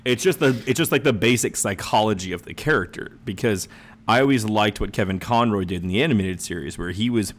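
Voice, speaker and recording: A man in his thirties, a podcast co-host in casual chat, talking in an animated, profane way and slipping into mocking impressions. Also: fairly low pitch, fairly quick, a little hiss or hum.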